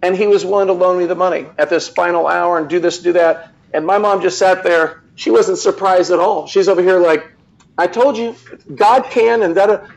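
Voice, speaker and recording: A man telling a personal story as a guest on a live show, earnest and animated, with many restarts. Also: sits high, poor audio.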